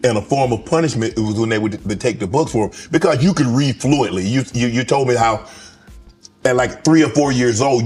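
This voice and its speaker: A man's voice: mid-range voice, fairly quick, a little mellow, husky, faint music behind. A man interviewing a comedian, asking attentive follow-up questions. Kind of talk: interview conversation.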